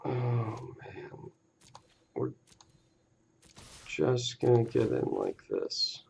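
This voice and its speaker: A man's voice: mid-range voice, wildly swooping pitch, very slow, creaky, a little mellow, slight background noise. A man casually talking through a card game on a live stream, laid-back and easily amused, with casual swearing.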